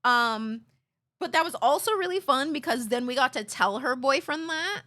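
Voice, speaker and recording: A woman streamer telling stories in casual chat, animated and swearing freely. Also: high voice, moderate pace.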